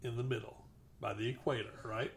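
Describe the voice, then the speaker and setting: A woman's voice: extremely low pitch, steady tone, fairly quick, a little hiss or hum. A woman co-hosting a casual podcast chat, explaining things step by step. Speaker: podcast co-host.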